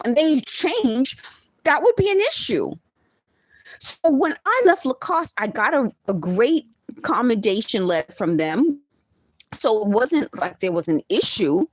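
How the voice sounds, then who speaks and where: A woman in her fifties from the Bronx, speaking in an emphatic, indignant monologue. Her pitch leaps up and swoops down as she presses her points. The sound is close and dry, with no room around it. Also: dry recording. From the Bronx, New York. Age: 50s. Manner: emphatic, indignant, laughing asides. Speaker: vlogger. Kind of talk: direct-to-camera monologue.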